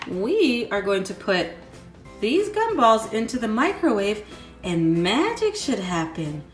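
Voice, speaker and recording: A young woman hosting a children's toy video, talking in a sing-song, excited way and counting slowly. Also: medium pitch. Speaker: kids' toy video host. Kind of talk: children's toy play narration. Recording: echoey room, faint music.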